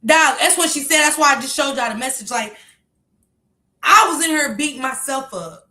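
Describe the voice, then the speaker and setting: A woman streamer in a heated, profane, casual rant to her viewers, breaking into shouts. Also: high-pitched, expressive, moderate pace, reverberant.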